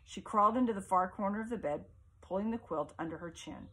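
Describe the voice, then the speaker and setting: A woman reading a novel aloud as audiobook narration in a measured, expressive way. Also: medium pitch. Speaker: audiobook reader.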